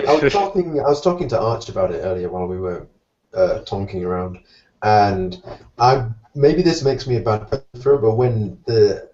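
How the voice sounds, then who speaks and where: Low-voiced non-American man chatting on a distant call. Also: darkish tone. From outside the United States. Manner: rambling, chatty, quick to joke. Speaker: podcast host. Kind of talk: casual podcast chat. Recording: distant, dull lo-fi online call.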